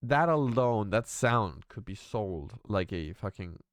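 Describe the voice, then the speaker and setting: A man's voice: low-pitched, slow, fairly bright tone, no echo. Man, reaction host, casual commentary, thoughtful, resonant voice, dry close sound. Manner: thoughtful, searching, swears casually. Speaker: music reaction video host.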